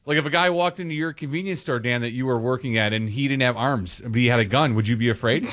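A man's voice: medium pitch, fast talker, a bit bright, no echo. Radio co-host guy goofing around, dry close studio sound. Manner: playful, argues silly points. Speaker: radio sports talk co-host. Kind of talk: casual radio banter.

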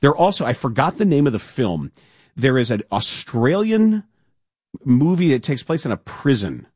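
A man co-hosting a casual sports talk show, telling stories with lively acted-out quotes. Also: medium pitch, moderate pace, slightly rough, no echo, studio quality. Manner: animated storyteller, acts out quotes. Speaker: podcast co-host.

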